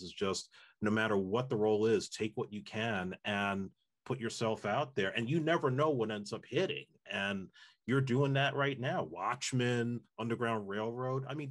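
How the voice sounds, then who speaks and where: A man hosting an interview, speaking in a casual, rambling way with lots of filler words. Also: lowish voice. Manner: rambling, full of "you know" and "like" fillers. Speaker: interviewer, host.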